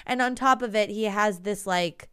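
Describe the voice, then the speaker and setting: Chatty woman with a very clear voice. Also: mid-range voice, normal speed. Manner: chatty and animated, heavy use of "like". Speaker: podcast co-host. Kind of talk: casual chat.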